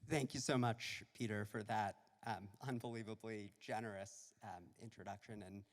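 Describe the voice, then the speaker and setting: A man giving an earnest, measured speech at a celebration, with some fillers. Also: on the low side. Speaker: state civil rights official. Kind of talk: public speech. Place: church. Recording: reverberant church hall.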